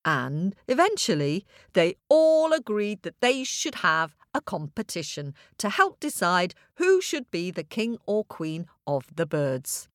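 A woman's voice: fairly low pitch, big pitch swings, measured pace, hardly any pauses, no echo, clean studio sound. A woman telling a children's fable, playfully addressing young listeners directly. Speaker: storyteller. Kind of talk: children's story narration.

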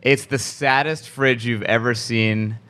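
A man's voice: mid-range voice, fairly even intonation, unhurried, bright, forceful tone. A man hosting a podcast, a comedian bantering with his guest in a joking, teasing way with crude humor.

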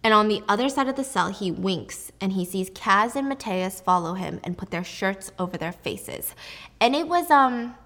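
A young woman recapping a story in a casual, jokey and animated way. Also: medium pitch, normal speed. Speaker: book recap host.

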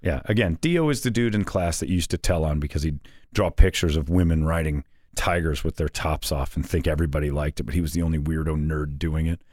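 A man co-hosting a podcast in casual banter, sarcastic and mocking, often slipping into quick mock voices. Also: very deep voice, a little mellow, dry recording, studio quality. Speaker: podcast co-host.

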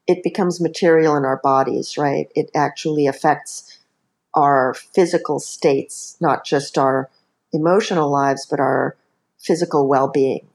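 A woman's voice: deep voice, fairly even intonation, a little slow, gravelly, darkish tone. A woman author speaking as a podcast guest, explaining earnestly with many asides. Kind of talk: podcast interview.

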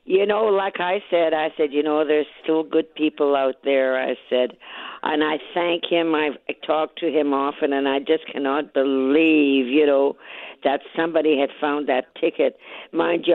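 Raspy woman on a tinny phone line. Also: low-pitched, no room sound. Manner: excited storyteller, acts out both sides of each exchange. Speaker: caller, lottery winner. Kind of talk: phone-in radio interview. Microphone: telephone.

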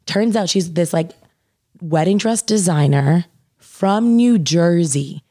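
Low-voiced young woman, filler-heavy storytelling. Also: slow, mellow. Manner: says "like" constantly, swears casually. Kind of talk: casual storytelling chat.

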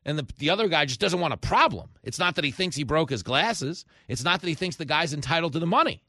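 A man hosting a radio talk show, telling stories animatedly and acting out the shouting people in them. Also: fairly high pitch, fast, dry recording, clean studio sound. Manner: animated storyteller, acts out shouting characters. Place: radio studio.

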